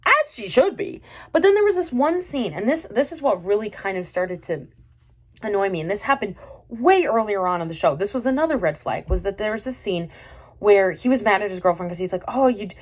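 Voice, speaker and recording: A woman's voice: mid-range voice, very animated, fairly quick, darkish tone. A woman reviewing a drama in a casual, exasperated and sarcastic rant, full of fillers and restarts.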